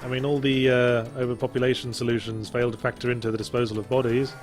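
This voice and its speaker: A man's voice: mid-range voice, little pitch movement, quick pace, a little mellow. Dry-witted man, faint music behind. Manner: dry, wry and opinionated. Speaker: co-host of a game stream. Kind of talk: casual chat.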